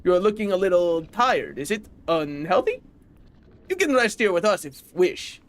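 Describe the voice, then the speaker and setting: A young man voicing a hospitable male flea caravan leader, with a put-on, vaguely European accent and broken grammar, in a slow, grand, welcoming delivery. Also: high-pitched, sing-song. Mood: friendly.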